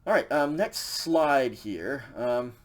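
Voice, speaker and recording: A man's voice: mid-range voice, expressive, slow pace. Casual filler-heavy male language teacher. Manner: casual, filler-heavy explaining with frequent "okay". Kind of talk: recorded slide lecture.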